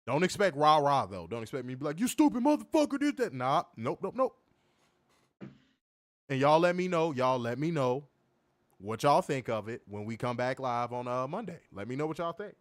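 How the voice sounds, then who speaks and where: A young man co-hosting a wrestling review livestream, reading chat comments and trash-talking in a profane, animated way. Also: medium pitch, fairly quick, dry recording. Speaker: wrestling podcast co-host.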